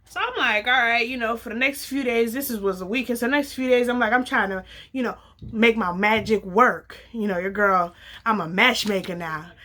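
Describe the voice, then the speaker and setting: A young adult woman casually telling a personal story, acting out the dialogue with lively slang. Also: a little high, moderate pace. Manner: animated, acts out quoted dialogue, casual slang.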